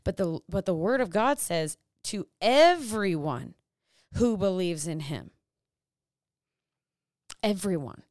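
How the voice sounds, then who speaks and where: A young woman giving a casual faith talk, animated, full of rhetorical questions and self-deprecating asides. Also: lowish voice, takes it slowly, long pauses, no echo, studio quality. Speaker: Christian vlogger and small business owner.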